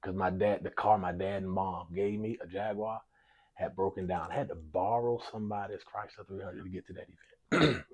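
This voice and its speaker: His voice is low and slightly rough, and he moves a little fast. As a basketball coach in a sports talk interview, he tells a lengthy personal story in a lively way, acting out what people said, circling back over himself, and using "y'all" often.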